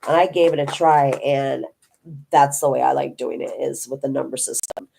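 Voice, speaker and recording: Older lady with a real low voice, just rambling away about her crafts and her family, homey and chatty. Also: fairly even intonation, moderate pace, gravelly, dark tone, slight background noise. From Minnesota. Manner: rambling, homey storytelling with many restarts. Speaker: diamond painting vlogger. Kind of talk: casual chat to viewers.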